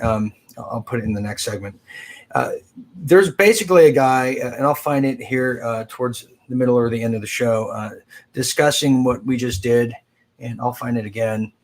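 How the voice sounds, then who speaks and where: A man hosting a live political talk show, rambling with quick asides and frequent restarts. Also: mid-range voice.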